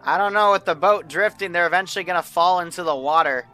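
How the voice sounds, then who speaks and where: A man with a high, bright, pushed voice talks fast while running a multiplayer military game on a livestream, with faint music in the background. He chats casually but is brash and bossy with players, swearing plenty.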